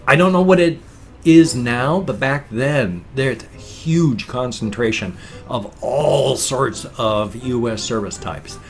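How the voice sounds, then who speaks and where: A man in his fifties talking in a casual, rambling vlog, chatty and often breaking off mid-thought. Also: medium pitch. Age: 50s. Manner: chatty, self-interrupting, musing. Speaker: vlogger.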